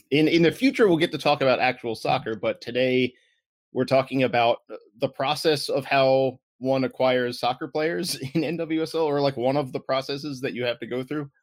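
A man hosts a loose podcast chat in a mid-pitched voice, full of ums and restarts. The sound is dry and close, with no room around it. He talks over a conference call. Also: normal speed, no echo. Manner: rambling, many fillers and restarts. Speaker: podcast host. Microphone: remote call.

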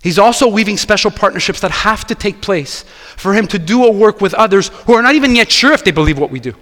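High-voiced pastor preaching. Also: male voice, quick pace, long reverb tail. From Quebec. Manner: animated storytelling, acting out dialogue. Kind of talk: sermon.

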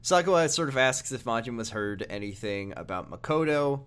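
A man's voice: medium pitch, lively intonation, normal speed, fairly bright tone, clean tone. A man co-hosting a casual podcast, joking and laughing often, with plenty of fillers. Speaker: podcast co-host.

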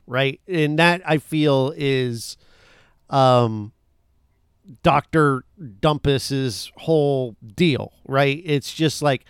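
A man chatting casually about a film, rambling and full of fillers. His voice sits a little high and sounds dry and close, with no room behind it. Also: clean tone, no room sound. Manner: rambling, enthusiastic, many fillers. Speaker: podcast co-host.

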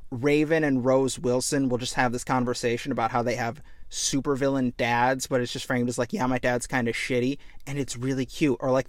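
A man hosting a podcast, ranting loudly and swearing a lot as he reviews a show. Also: mid-range voice, no room sound, studio quality. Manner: loud, exasperated, heavy swearing. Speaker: podcast host.

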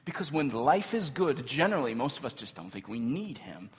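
A man in his thirties preaching a sermon, telling a story in an animated way and turning to the audience with asides. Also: mid-range voice, fairly quick. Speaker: pastor. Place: church hall. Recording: long hall reverb.

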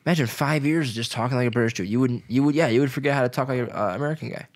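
A man's voice: medium pitch, rapid-fire. A man in his twenties chatting casually, rambling with lots of filler words and swearing. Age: 20s. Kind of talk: casual chat.

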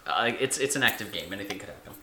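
A man's voice: on the low side, lively intonation, rapid-fire, bright, forceful tone, reverberant, slight background noise. A young man hosting a casual podcast, chatty and rambling, joking with his guests. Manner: chatty, rambling, laughs at himself. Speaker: podcast host.

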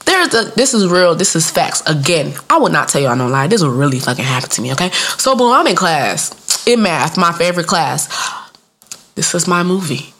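A woman in her thirties spins a childhood story in a stand-up routine, her everyday voice sitting a little low. She is profane and playful, laughs at her own lines, and keeps jumping up into squeaky high voices to act out the people in the story. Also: normal speed, slightly rough. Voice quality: animated, acts out voices in high squeaky pitch.

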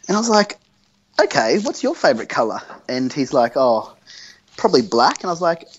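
A man's voice: mid-range voice, sing-song, a little fast, a little hiss or hum. Rambling guy, lo-fi sound. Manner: rambling, acts out quoted dialogue, swears freely. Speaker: podcast co-host. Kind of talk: casual storytelling chat. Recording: dull lo-fi recording.

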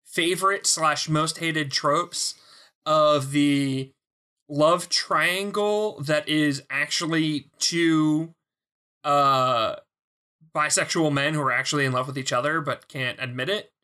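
A man co-hosting a casual podcast chat, animated as he retells jokes from a show and swears for emphasis. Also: a little high, slow, smooth. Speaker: podcast co-host.

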